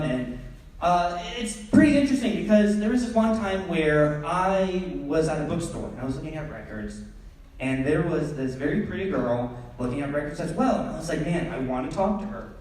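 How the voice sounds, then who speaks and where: Brief: animated young comic telling a story on stage, voice swooping high and low, far from the mic. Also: male voice, normal speed. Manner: animated, acts out scenes. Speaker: stand-up comedian. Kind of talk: storytelling stand-up. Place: theatre stage. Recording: echoey theatre from far off.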